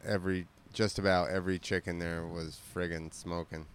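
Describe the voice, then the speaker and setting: A man co-hosting a podcast in casual chat, animated and joking, swearing freely. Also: low voice, moderate pace, a little hiss or hum. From Georgia, USA. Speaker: podcast co-host.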